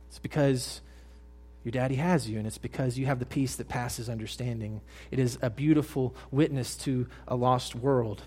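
A young adult male pastor preaching a sermon, earnest, dropping to hushed tones and then rising to loud emphatic lines. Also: medium pitch, steady tone, moderate pace, slightly rough.

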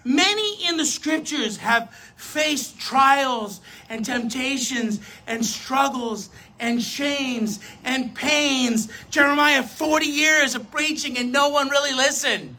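A preacher giving a sermon, talking straight to the audience, swinging between loud emphasis and soft asides. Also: sits high, takes it slowly. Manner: addresses the audience directly, self-correcting.

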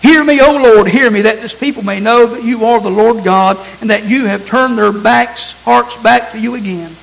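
A man's voice: high voice, moderate pace, vocal fry, a bit bright, poor audio. A man preaching a sermon, reading scripture aloud and repeating phrases for emphasis.

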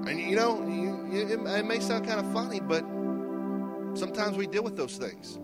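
A man preaching a sermon, telling the story in an animated way and swinging between hushed and loud lines. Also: high-pitched, moderate pace, over loud music.

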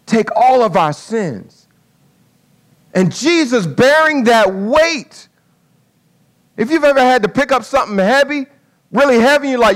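A man preaching a sermon with an object lesson, in a folksy way that swings from quiet asides to loud dramatic calls. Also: very high-pitched, expressive, unhurried.

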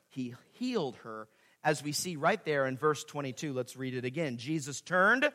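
A man preaching a sermon as pastor, swinging between loud emphatic peaks and quiet asides, repeating key phrases. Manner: dramatic swings in pitch and loudness, emphatic repetition.

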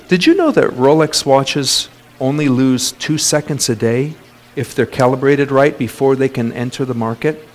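A man preaching a sermon as pastor, lively, with call-outs and sudden jumps in pitch.

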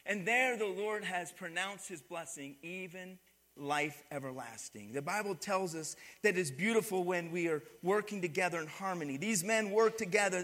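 A pastor with a high, pushed, bright voice preaches in a church sanctuary, the sound of a large hall around him. He leads call-and-response, asking the congregation to answer back and repeat his words.

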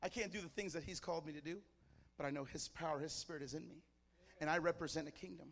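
A man's voice: a little high, fairly even intonation, fast talker, a bit bright, long reverb tail. A man from Mexico preaching to a church congregation, fervent and telling stories in short, punchy phrases. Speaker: pastor. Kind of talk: sermon. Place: church service.

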